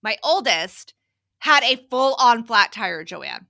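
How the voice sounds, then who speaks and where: A woman's voice: fairly high pitch, takes it slowly, gravelly. A middle-aged woman co-hosting a parenting podcast, telling family stories in casual chat and acting out her kids' lines. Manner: animated storyteller, acts out her kids' lines. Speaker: podcast co-host.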